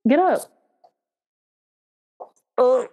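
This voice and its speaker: Brief: woman co-host, warm dark tone, lively pitch, slangy reactive sidekick. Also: drawn-out words. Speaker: podcast co-host. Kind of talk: casual chat. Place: home room with dogs.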